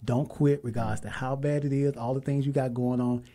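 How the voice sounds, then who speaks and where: A man hosting a radio talk show, telling a story with lively, emphatic quoted dialogue. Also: medium pitch, fairly quick. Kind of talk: casual storytelling and interview.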